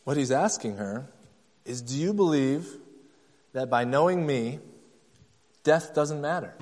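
A man's voice: mid-range voice, expressive, a little slow, darkish tone, in a large hall. A man preaching a sermon, emphatic and repetitive, acting out the people he quotes. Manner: emphatic, acts out quoted voices, repeats key phrases. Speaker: pastor.

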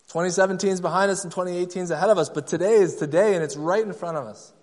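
A man's voice: sits high, brisk, darkish tone, long reverb tail. A man preaching a sermon, emphatic and repetitive, acting out the people he quotes. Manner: emphatic, acts out quoted voices, repeats key phrases. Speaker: pastor.

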